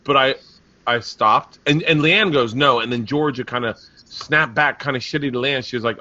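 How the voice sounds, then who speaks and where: Animated man with a bright voice. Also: medium pitch, normal speed. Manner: animated, profane storytelling. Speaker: comedian, podcast host. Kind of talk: casual podcast chat. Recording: muffled lo-fi audio.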